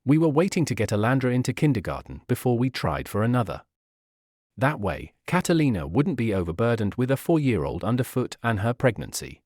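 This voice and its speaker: A man narrating a first-person story in an expressive reading voice. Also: mid-range voice, fairly quick, dry recording, studio quality.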